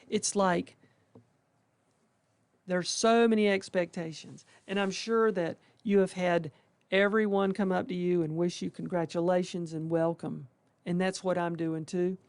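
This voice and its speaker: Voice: medium pitch, darkish tone, dry recording. A residency faculty member giving a folksy, conversational welcome talk to new interns, now and then acting out the residents' thoughts. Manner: folksy and conversational, with colloquial exclamations; acts out residents' inner thoughts.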